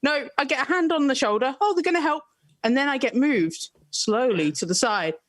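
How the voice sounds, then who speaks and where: A woman with a slightly high voice, telling an anecdote in a dry, deadpan way. Her sound is close and dry, with no room echo. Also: moderate pace. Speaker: comedian panelist. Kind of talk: comedic storytelling on a live stream.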